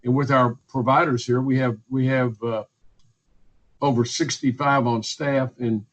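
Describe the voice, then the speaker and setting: A man's voice: mid-range voice, flat delivery, unhurried, rough recording. A man, speaking as a physician guest in a radio interview, emphatic and repetitive, listing points one by one. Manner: emphatic, repetitive, list-making.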